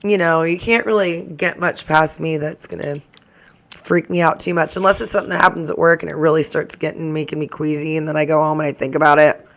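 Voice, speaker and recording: A woman's voice: low voice, fairly even intonation, brisk. A woman hosting her own reaction channel, chatting casually to the camera in a rambling way that keeps drifting into tangents.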